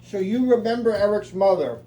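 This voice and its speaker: A man's voice: high-pitched, animated, fairly quick, warm tone, rough recording. A man in casual family conversation, chiming in with confirmations and corrections. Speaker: family member.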